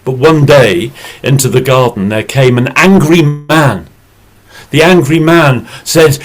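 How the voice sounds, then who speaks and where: A man from England, telling a story slowly and expressively over a video call. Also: a little high, poor audio. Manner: slow, deliberate and expressive. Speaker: storyteller and English teacher. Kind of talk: oral storytelling.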